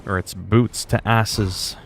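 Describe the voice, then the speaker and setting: A man's voice: fairly low pitch, fairly even intonation, takes it slowly, vocal fry, faint music behind. A man chatting casually on a game livestream, rambling and swearing freely. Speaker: game streamer.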